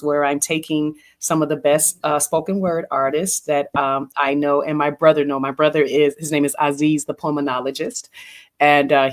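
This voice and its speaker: A woman guest in a casual radio interview. She talks through her plans in a measured way, pausing with fillers, and sometimes turns emphatic. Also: low-pitched. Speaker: guest, event producer.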